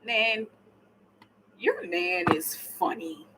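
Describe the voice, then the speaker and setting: A woman's voice: mid-range voice, big pitch swings, drawn-out words, very noisy. A woman giving a live tarot reading, chatting casually and laughing, sometimes murmuring her questions to the cards. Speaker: tarot reader.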